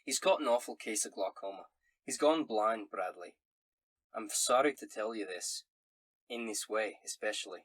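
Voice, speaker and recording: A man voicing a vain, boastful male dwarf in a put-on Scottish accent, reading a letter in a hammy, jokey way with a husky voice. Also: fairly low pitch, moderate pace, no room sound.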